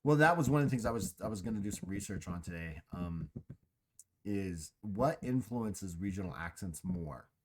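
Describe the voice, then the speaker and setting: A man's voice: deep voice, lively intonation, moderate pace, background noise. A man hosting a casual chat, musing aloud with a rambling, restarting way of talking. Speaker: host.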